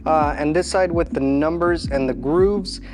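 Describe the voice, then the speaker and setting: A man's voice: on the high side, unhurried, music in the background. Chatty man narrating a hands-on repair. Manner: chatty, self-deprecating, talks to himself mid-task. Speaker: home mechanic channel host. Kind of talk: casual how-to narration while working.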